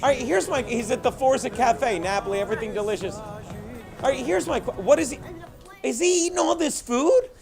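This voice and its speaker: A man with a high, lively voice that swings up and down as he hosts a casual podcast. He talks in an animated, joking way and retells bits between laughs. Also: fairly quick, gravelly, over music. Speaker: podcast host. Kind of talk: casual chat.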